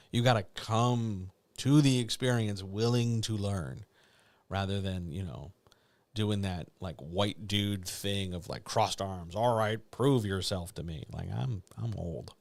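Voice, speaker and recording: A man's voice: on the low side, gravelly, no room sound. A middle-aged man, a writing coach, talking candidly and ramblingly to viewers in a casual live chat. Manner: candid, rambling, self-deprecating.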